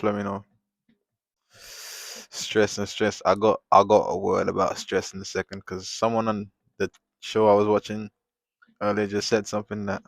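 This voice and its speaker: A man chatting casually on a live drawing stream, rambling and venting in animated bursts at a desk microphone at home. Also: on the low side, gravelly, dry recording. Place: home, at a table.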